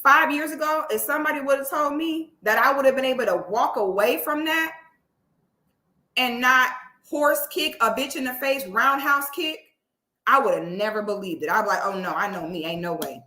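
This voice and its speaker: A woman with a sharp, bright voice sits before the camera and vents, emphatic and loaded with profanity. Her speech keeps climbing in intensity. The sound carries a noticeable room echo. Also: high-pitched, lively intonation, moderate pace. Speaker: online commentator. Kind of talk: heated talk to camera.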